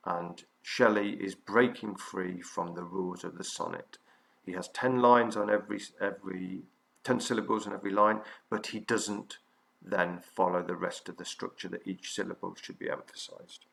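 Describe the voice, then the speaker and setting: A male teacher giving a recorded revision lesson, explaining patiently and haltingly with frequent fillers. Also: fairly low pitch, vocal fry, fairly bright tone.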